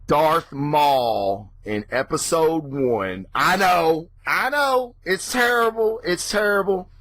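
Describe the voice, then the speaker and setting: A man hosting his own show, ranting casually and excitably with lots of swearing. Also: slow, no room sound. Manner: profane, excitable, mimics reactions in a high voice. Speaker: podcast host.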